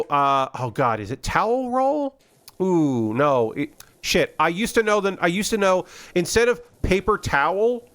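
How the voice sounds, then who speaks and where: A man's voice: on the high side, a bit bright. A man streaming a game, chatting casually and rambling with many fillers and restarts. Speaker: gaming streamer. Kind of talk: casual gameplay commentary.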